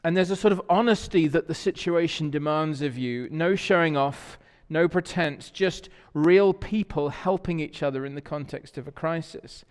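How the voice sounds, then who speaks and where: English male pastor, conversational sermon delivery, slightly high voice, reverberant sanctuary. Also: moderate pace, few pauses, clear, resonant tone. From England. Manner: conversational storytelling, asks the congregation questions. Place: church sanctuary. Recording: long church reverb.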